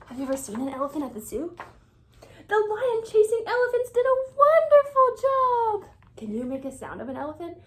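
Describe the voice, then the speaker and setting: Woman reader for a children's picture book. Animated, high-pitched, whispers asides to the kids. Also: fairly quick, slight background noise.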